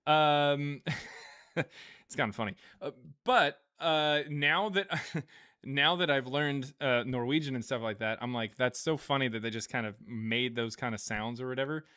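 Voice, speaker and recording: A man's voice: medium pitch, moderate pace, sharp tone, smooth. A man hosting a live stream, reading out viewer donations in a loose, rambling way, with lots of fillers and frequent chuckles. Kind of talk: casual live-stream chat.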